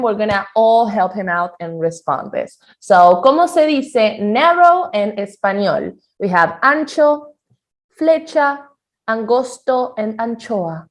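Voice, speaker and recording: Lively woman teaching on a video call. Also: a little high. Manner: lively, laughs easily. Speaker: Spanish teacher. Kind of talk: live online lesson chat.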